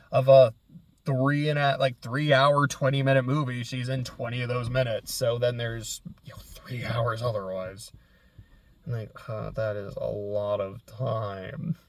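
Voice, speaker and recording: A young man talks casually and alone, drifting from one thought to the next and doubling back to fix his words. His pitch sits in the middle, and his sentences often fade soft at the end. The sound is dry and close, with no room echo. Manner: rambling, self-correcting, trails off quietly. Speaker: podcast host. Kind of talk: casual solo chat.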